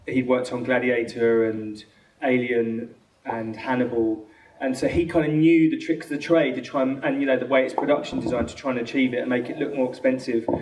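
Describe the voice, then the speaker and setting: A man with a London accent, a film director answering questions after a screening, talking quickly with many restarts and acted-out quotes. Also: mid-range voice, steady tone, darkish tone. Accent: London English. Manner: fast, rambling, full of restarts and quoted dialogue. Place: cinema auditorium. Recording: echoey hall from far off.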